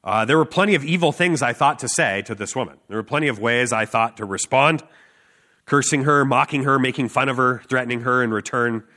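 Bright-voiced earnest male preacher. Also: medium pitch. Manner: earnest, emphatic, with quick laughs and "like" fillers. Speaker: street preacher. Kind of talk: sermon with personal story.

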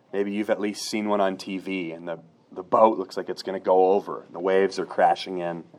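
A middle-aged man preaching a sermon in an earnest way, rising to emphatic peaks and dropping soft again. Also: lowish voice. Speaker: pastor.

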